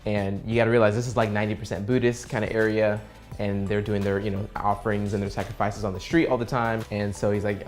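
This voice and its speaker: A man's voice: fairly low pitch, fast, soft background music. Earnest young man telling a travel story. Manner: earnest, animated storyteller who acts out quoted dialogue. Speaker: vlogger. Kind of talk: casual travel vlog storytelling.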